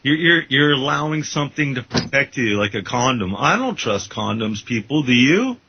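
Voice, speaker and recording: A man's voice: mid-range voice, sing-song, normal speed, vocal fry, background noise. A man co-hosting a casual radio talk show, ranting with opinions and jokes. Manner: opinionated, joking rants. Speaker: radio co-host. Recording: dull lo-fi internet radio audio.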